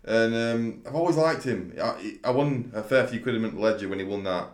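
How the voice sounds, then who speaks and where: In an echoey room, a man with a lowish voice talks fairly quickly, casually sharing horse racing tips as a tipster. He comes across as thoughtful yet somewhat hesitant, often repeating his words.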